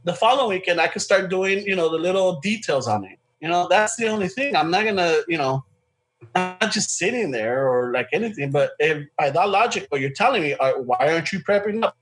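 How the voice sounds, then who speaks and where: High-voiced man arguing casually. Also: expressive, a little fast, fairly bright tone, faint music behind. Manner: rambling, defensive, mixing Spanish into English. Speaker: podcast co-host. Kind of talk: casual chat.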